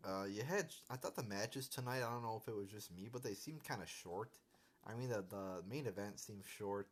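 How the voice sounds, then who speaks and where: A young man ranting casually on a live stream, profane and irritated, full of restarts and stumbles. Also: fairly low pitch. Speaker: wrestling commentary vlogger.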